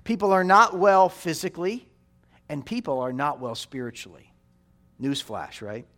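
Forties guy preaching, highish voice, swoops up and down a lot, keeps asking "right?". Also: very animated, moderate pace, fairly bright tone. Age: 40s. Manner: emphatic, repeats phrases, asks the listeners "right?". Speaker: pastor. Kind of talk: sermon.

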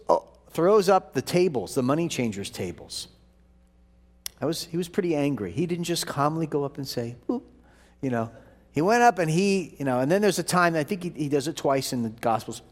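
A man preaching a sermon, explaining scripture and reading verses aloud with emphasis. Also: medium pitch. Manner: animated teaching, reads scripture aloud with emphasis. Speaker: pastor.

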